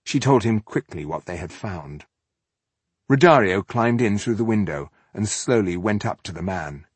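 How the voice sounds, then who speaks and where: A man narrating an audiobook in an expressive storytelling manner. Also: fairly low pitch, normal speed, breathy edge, no room sound. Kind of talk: scripted narration.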